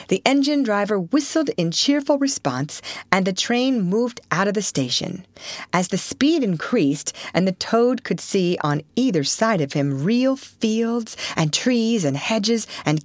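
A woman narrating a classic children's story aloud in an expressive reading. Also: medium pitch, no room sound. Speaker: audiobook narrator.

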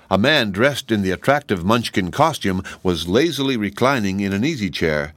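Man reading a storybook, low pitch, very lively, dry close sound. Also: dry recording. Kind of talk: reading a children's book aloud.

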